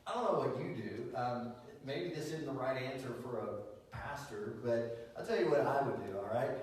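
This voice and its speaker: Male pastor, mid pitch, conversational sermon with fillers; distant mic, big echoey hall. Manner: conversational, animated preaching with many fillers and restarts.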